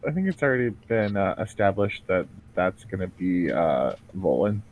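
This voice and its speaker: A man's voice: sits low, very animated, narrow, tinny audio. A man playing a tabletop game, chatting casually in a jokey, teasing way. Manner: jokey, quick to tease. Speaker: player. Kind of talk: casual chat between tabletop game sessions.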